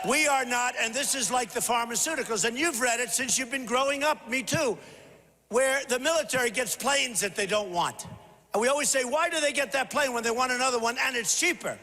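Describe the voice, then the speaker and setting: An older man giving a punchy, repetitive rally speech to a large crowd, often shouting. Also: high-pitched. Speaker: political candidate at a rally. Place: large convention hall. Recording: echoey hall with faint crowd.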